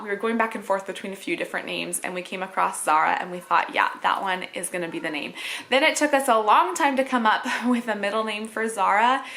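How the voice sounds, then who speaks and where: A woman's voice: medium pitch, bright, forceful tone. A woman vlogging casually to camera as a mother, chatty with frequent fillers and little laughs. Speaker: mom vlogger.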